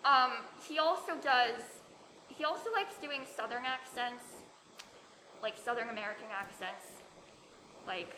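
A young woman co-hosting a casual podcast chat, talkative and self-mocking with quick asides. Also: fairly high pitch, bright, forceful tone. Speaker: podcast co-host. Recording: echoey room with clear background noise.

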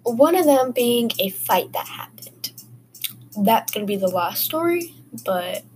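A woman's voice: on the high side, sing-song, a little slow, darkish tone, slight background noise, poor audio. A woman hosting a casual podcast, telling personal stories in a rambling, chatty way full of fillers. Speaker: podcast host. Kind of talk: casual storytelling.

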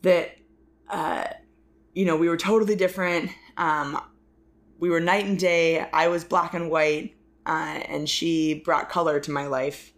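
A woman's voice: sits low, steady tone. A woman co-hosting a casual film discussion podcast, talking in rambling bursts full of likes and restarts. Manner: rambling, many fillers and restarts, quick bursts. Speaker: podcast co-host.

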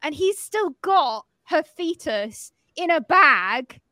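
A woman co-hosting a podcast, recapping a film in casual chat, animated and sweary, acting out the characters' lines. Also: high voice, takes it slowly, dry recording, studio quality. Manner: animated storytelling, acts out quotes, swears freely. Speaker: podcast co-host.

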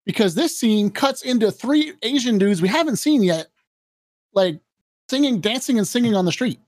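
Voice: mid-range voice, lively intonation, moderate pace, darkish tone, dry recording. A podcast co-host retelling a movie in laid-back casual chat, swearing and laughing often.

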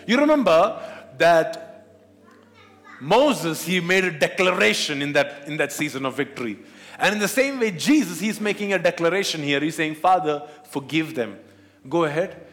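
A man's voice: fairly high pitch, animated, normal speed, fairly bright tone. A man preaching a sermon as pastor, asking questions of the congregation. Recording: long hall reverb.

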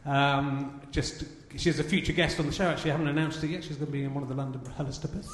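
Brief: middle-aged male guest, wry and rambling, slightly high voice, echoey hall. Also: fairly even intonation, quick pace. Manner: wry, rambling reasoning aloud. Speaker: comedy podcast guest. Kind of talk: live stage chat. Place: live theatre venue with audience. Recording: echoey hall, background noise.

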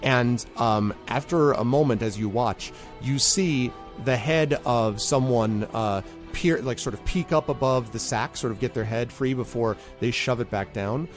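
A man runs a tabletop role-playing session as game master. He talks in a loose, relaxed way, full of ums and uhs, at an ordinary middle pitch. Faint music plays behind him. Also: a little slow, hardly any pauses. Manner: relaxed, with many fillers.

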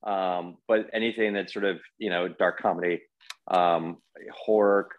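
A man's voice: sits low, fairly even intonation, measured pace, muffled recording. A man as a podcast guest, telling rambling anecdotes with many fillers in casual conversation.

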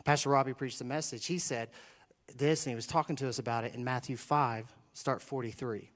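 A middle-aged man preaching a sermon as pastor, animated and joking, swinging from quiet asides to loud bursts. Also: medium pitch, fairly quick.

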